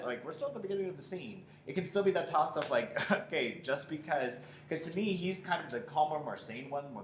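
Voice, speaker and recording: Man giving measured acting notes, roomy echo. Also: medium pitch. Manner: measured, constructive, agreeing then adding notes. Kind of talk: spoken critique of a scene. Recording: echoey room, faint background noise.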